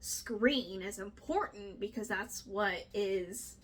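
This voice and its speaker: A young woman co-hosting a casual book discussion, chatty and animated, swearing now and then and acting out what characters say. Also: mid-range voice, takes it slowly, slightly rough. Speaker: book club co-host.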